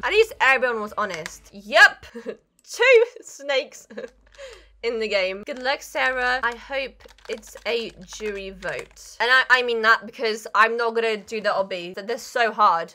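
A young woman playing a game and commenting on it, excitable and dramatic, often shrieking and laughing. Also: fairly high pitch, a little slow, soft background music. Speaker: gaming YouTuber. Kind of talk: Roblox gameplay commentary.

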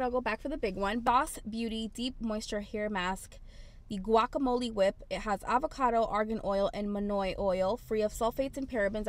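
A young woman chatting casually in a haul vlog, telling stories in an animated way. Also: medium pitch. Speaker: lifestyle vlogger.

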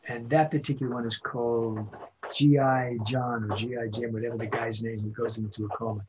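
A man in his seventies, a veteran voice actor, telling animated show-business anecdotes during a casual interview. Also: mid-range voice, brisk, background noise. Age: 70s. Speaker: voice actor guest.

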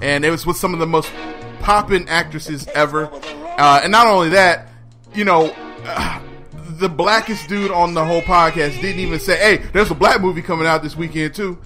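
High bright laughing podcast host man. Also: normal speed, faint music behind. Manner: laughs often, loud and animated. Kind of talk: casual podcast banter.

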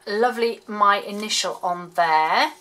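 Bright, gushing woman crafter. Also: mid-range voice, unhurried, rough recording. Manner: chatty, gushing and excitable. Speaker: crafter showing gifts. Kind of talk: casual craft vlog. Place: home room, road sweeper outside. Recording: faint street noise and paper crinkling.

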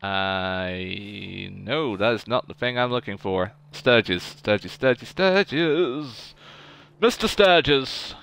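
A man's voice: on the low side, drawn-out words, creaky, few pauses, a bit bright, clean tone. A young man streaming a video game, chatting in a goofy, casual way to his viewers. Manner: chatty, goofy, talks to chat. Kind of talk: casual gaming livestream chat.

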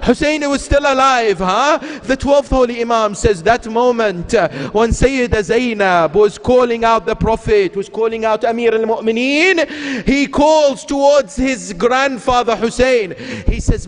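A man delivering a mourning sermon, half chanted and half spoken, with drawn-out cries. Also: very high-pitched. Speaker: speaker reciting a mourning sermon. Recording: reverberant hall with faint music.

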